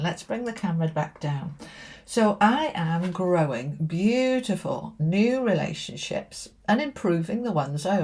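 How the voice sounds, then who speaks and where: A woman's voice: fairly low pitch, darkish tone. A woman giving a chatty tarot reading to camera in a friendly way, often saying "okay" and "all right". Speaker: tarot reader.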